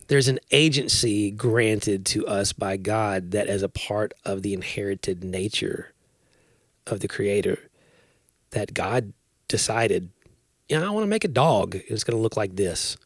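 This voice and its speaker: A man's voice: on the low side, steady tone, slow pace, no room sound, studio quality. A man co-hosting a podcast, talking in an earnest, reflective way and laughing easily. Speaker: podcast co-host. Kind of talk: casual chat.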